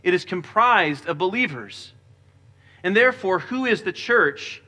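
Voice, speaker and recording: Preaching with earnest conviction, this pastor has a forceful, bright, somewhat high-pitched voice and an expressive, measured pace. His tone turns lower and gentler for the scripture readings.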